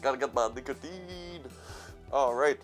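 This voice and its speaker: A man's voice: medium pitch, a little slow, soft background music. A young man hosting a casual vlog, stuffy from allergies, rambling, self-mocking, swearing and laughing as he goes. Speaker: horror movie channel host.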